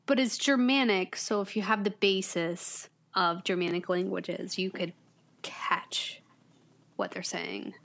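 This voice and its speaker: A woman's voice: mid-range voice, steady tone, creaky, a bit bright. Casting: woman, playful teaser, casual group banter. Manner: playful teasing, quick to riff. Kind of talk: casual chat.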